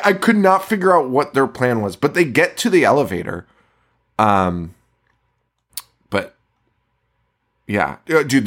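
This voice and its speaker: Profane, rambling man in casual podcast chat. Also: fairly low pitch. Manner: rambling, profane, laughs often. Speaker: podcast co-host. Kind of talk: casual movie-review chat.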